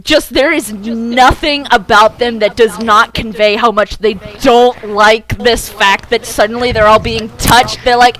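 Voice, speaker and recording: A woman narrating a tabletop game as game master, animated and full of fillers. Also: on the high side, unhurried, few pauses, low-quality recording.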